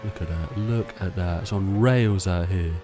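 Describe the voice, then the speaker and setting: A man's voice: low-pitched, normal speed, over music. A man chatting casually to himself while playing a racing game. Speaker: gameplay streamer. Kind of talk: casual gameplay commentary.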